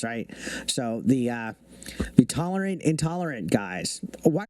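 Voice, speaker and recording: A man's voice: mid-range voice, expressive, unhurried, a little mellow, dry recording. A man in a played clip, scornfully ranting about online critics. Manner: indignant, scornful. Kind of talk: online commentary rant.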